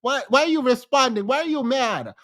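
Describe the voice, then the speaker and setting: A man hosting a livestream, commenting with animated, incredulous rhetorical questions and repetition. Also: very high-pitched, fairly quick. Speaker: podcast host.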